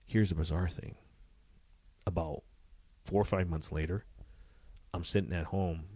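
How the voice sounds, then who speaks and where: A man, a former police detective, telling profane, animated stories from his career in a casual interview. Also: deep voice, no room sound. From Southern California. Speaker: retired police detective, guest.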